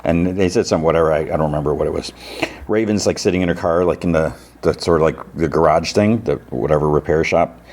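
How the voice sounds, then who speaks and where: Podcast host, male, deep and husky, loose rambling recap delivery. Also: quick pace, a little mellow. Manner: rambling, paraphrases scenes with "he's like" and laughs at himself. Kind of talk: casual recap of TV episodes.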